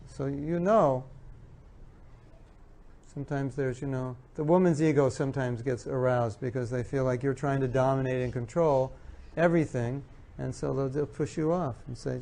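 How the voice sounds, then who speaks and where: A man with a mid-range, dark-toned voice lectures an audience on marriage at normal speed with fairly even intonation. The earnest spiritual talk includes audience questions, and he keeps repeating his main points while mimicking what husbands and wives say.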